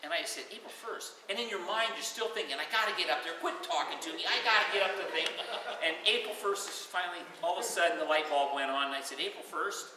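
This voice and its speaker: An older man telling stories at his own retirement party, animated and acting out the voices of the people in them. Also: high voice, fast, background noise. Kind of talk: storytelling to a crowd. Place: hall at a party, heard from afar. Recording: roomy hall, voice far from the mic.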